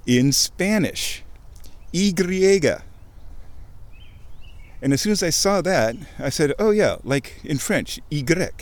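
A male vlogger talks to the camera on a handheld mic while walking outdoors next to a creek, in a rambling casual monologue. He is excitable, interrupts himself mid-thought and swears offhandedly. His middle-pitched voice jumps high when something delights him, and he speaks a little slowly with few pauses.

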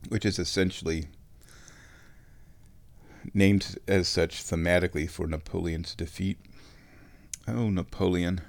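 Man podcast host with a stuffy nose, low-pitched, playful and chatty, casual rambling solo talk at home. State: stuffed-up sinuses. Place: at home, walking between rooms.

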